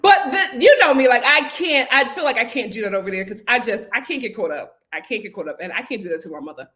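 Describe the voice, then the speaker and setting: A young woman with a slightly high voice hosts a casual live stream at a quick pace, reading viewer comments aloud and chatting back. She's animated, laughing often and stammering through restarts.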